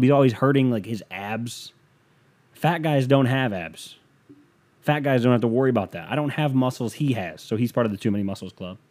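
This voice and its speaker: A man's voice: mid-range voice, dark tone. A young man rambling through a joking, self-mocking casual rant as a vlogger.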